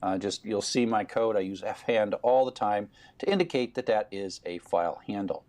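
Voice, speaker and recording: A man's voice: on the low side, normal speed, darkish tone. A man giving a recorded programming lecture, explaining steadily with fillers.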